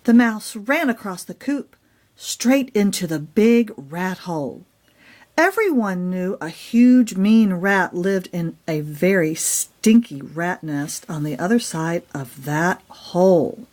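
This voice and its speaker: Slow, expressive woman reading a storybook. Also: fairly low pitch. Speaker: children's author reading her own book. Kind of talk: children's storybook read-aloud.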